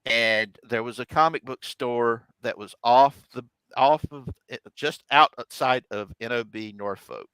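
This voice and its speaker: A middle-aged man hosts a casual chat and tells a long personal story with animated energy, acting out what the other people said. His voice sits at an average pitch with a bright, forceful edge. The sound is dry and close to the mic. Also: measured pace, few pauses, smooth, no room sound, rough recording. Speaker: host.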